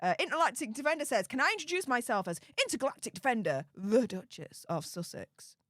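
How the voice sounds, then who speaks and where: A woman, reading and reacting to live chat, chatty and exclamatory, quick to laugh. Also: fairly high pitch, sing-song, a bit bright, dry recording, clean studio sound. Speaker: livestream commentator.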